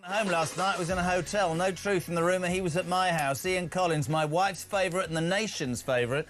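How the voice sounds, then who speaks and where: A man's voice: sits high, fairly bright tone, soft background music. A middle-aged man hosting a talk radio show, reading out listener texts with jokey asides. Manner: jokey, quick asides, laughs at own lines. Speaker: stand-in radio host.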